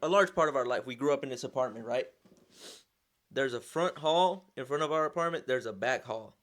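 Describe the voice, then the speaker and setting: Animated young man. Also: mid-range voice, brisk. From Southern California. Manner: animated, slangy, frequent restarts and repeated words. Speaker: vlogger, sponsored motorcycle rider. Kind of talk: casual storytelling.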